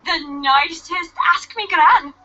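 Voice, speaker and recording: A woman's voice: extremely high pitch, slow, bright, forceful tone, heavily acted. An actress voicing a chatty, overfamiliar young woman in a video game who is pushy and bubbly. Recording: dull lo-fi game audio.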